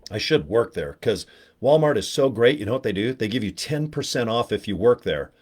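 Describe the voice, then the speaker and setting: A man's voice: on the low side, lively intonation, brisk, darkish tone, slightly rough. A man hosting a casual live stream, rambling and joking with viewers in the chat and poking fun at himself. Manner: joking, rambling, self-mocking; talks to viewers in the chat by name. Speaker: livestream host promoting products.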